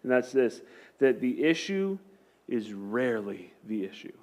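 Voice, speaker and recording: A man's voice: medium pitch, very animated, unhurried, a little mellow. A male pastor preaching in a conversational style, hammering his points home with emphatic repetition. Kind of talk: sermon.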